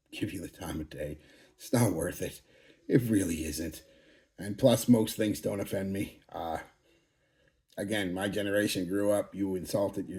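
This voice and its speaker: A man in his forties who hosts a fragrance channel gives a casual update monologue to his viewers, blunt and profane, rambling and frequently restarting his sentences. His voice is mellow and fairly low.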